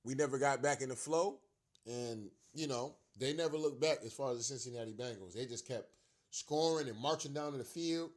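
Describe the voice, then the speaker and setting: A man's voice: medium pitch, fairly quick. A young man, a fan commentator, delivering a heated, profane rant about his team's loss, repeating himself for emphasis.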